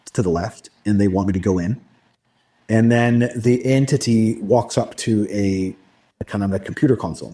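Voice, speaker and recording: A man recounting a personal experience in a halting, casual interview style, with frequent restarts. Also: on the low side, warm tone, breathy edge. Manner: halting, many restarts and fillers. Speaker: guest recounting an abduction experience.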